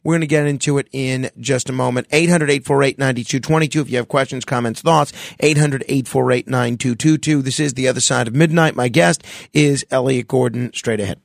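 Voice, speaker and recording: A man hosting a late-night radio talk show, with wry, brisk patter between segments. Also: medium pitch, gravelly, dry recording.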